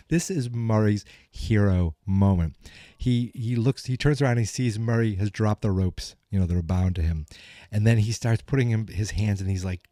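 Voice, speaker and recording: Podcast host, male, scratchy morning voice, rambling self-joking chat, mellow dark tone. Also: lowish voice, dry recording, clean studio sound. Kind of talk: casual recap monologue.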